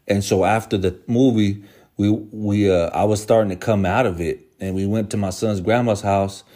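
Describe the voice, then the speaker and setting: A man with a low voice telling a personal story to his viewers. He talks in loose, casual slang, restarts his sentences often and swears freely. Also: fairly even intonation, normal speed, dark tone. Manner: profane, slangy, rambling.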